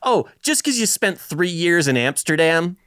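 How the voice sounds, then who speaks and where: Animated male podcast co-host, dry sound. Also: fairly high pitch, normal speed, clean tone, no echo. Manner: animated storyteller who acts out quotes. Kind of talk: casual film-discussion chat.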